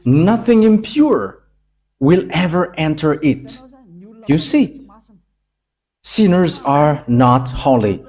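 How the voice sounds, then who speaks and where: A man's voice: a little high, slow pace, long pauses, a little mellow. A man from Madagascar, preaching a sermon in emphatic, declamatory bursts. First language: Malagasy.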